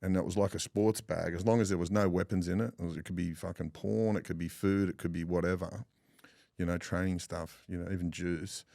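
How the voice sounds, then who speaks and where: Aussie guest, middle-aged bloke, very low gravelly voice, dry close sound, swears a lot. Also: male voice, a little fast, no room sound. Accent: Australian. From Australia. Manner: swears often, animated yarn-spinning with laughs. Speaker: podcast guest. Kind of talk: casual storytelling chat.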